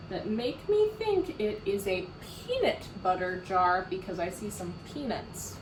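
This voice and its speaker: Slow, animated woman teacher reading aloud. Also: medium pitch, a little hiss or hum. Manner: animated, asks questions, laughs. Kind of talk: reading a picture book aloud to children. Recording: roomy echo from far off.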